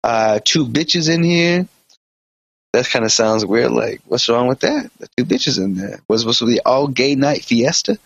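A man's voice: medium pitch, very animated, moderate pace, vocal fry, hardly any pauses, breathy edge, dry recording. A man co-hosting a podcast, reading out a story in casual chat with crude jokes. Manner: crude, joking storyteller who slips into voices for quotes. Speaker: podcast co-host. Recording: dry, dull lo-fi sound.

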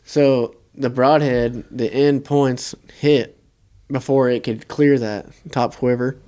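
A young man co-hosting a podcast tells a hunting story in a loose, easygoing way, swearing often. His voice is smooth and clear, in a middle pitch. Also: takes it slowly. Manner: relaxed, profane storytelling. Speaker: podcast co-host. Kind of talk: casual hunting story chat.

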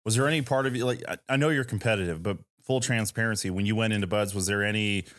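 A man hosting a podcast, asking questions in a relaxed, conversational way with plenty of fillers. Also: fairly low pitch, fast, dry recording. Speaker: podcast host. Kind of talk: casual interview questions.

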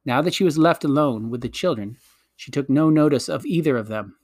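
A man narrating a children's storybook aloud with a measured storytelling delivery. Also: medium pitch, darkish tone, no echo, studio quality. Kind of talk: storybook audiobook reading.

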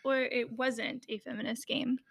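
Woman co-host, slightly high voice, dry close sound, thoughtful scholarly chat. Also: flat delivery, moderate pace, creaky, fairly bright tone, breathy edge, dry recording. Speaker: podcast co-host. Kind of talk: casual discussion.

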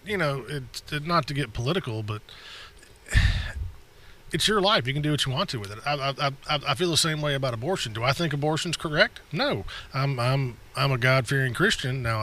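A man chats on a podcast, his voice bright and cutting. He swings his pitch up and down a lot as he tells stories and gives opinions. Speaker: podcast guest. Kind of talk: casual chat.

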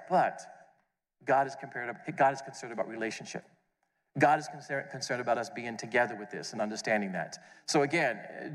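A man preaching a conference sermon, animated, acting out questions and answers and repeating words as he goes. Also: medium pitch. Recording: long hall reverb.

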